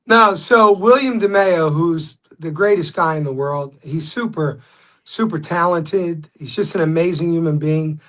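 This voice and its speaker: A man, a guest telling stories in a casual interview, animated when quoting others. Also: on the high side, unhurried.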